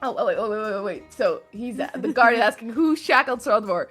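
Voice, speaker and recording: A woman chatting as a player in a tabletop game, animated and quick to laugh. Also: on the high side, faint music behind. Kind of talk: casual tabletop game chat.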